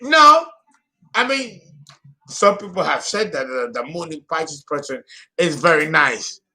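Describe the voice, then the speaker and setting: Animated, theatrical astrologer man in his fifties. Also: on the high side, measured pace. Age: 50s. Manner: dramatic, exclamatory, laughing. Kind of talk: theatrical solo astrology talk.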